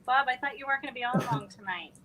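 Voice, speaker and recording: A woman chatting casually on an online panel, giggling and answering warmly. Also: high voice, very fast, a crowd in the background. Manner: giggly, friendly replies. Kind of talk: casual chat.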